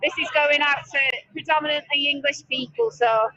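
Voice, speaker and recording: A woman's voice: high voice, steady tone, moderate pace, sharp tone, muffled recording. A woman reporter doing live roving interviews at an outdoor march, chatty and upbeat, recorded on a handheld mic. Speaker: street reporter.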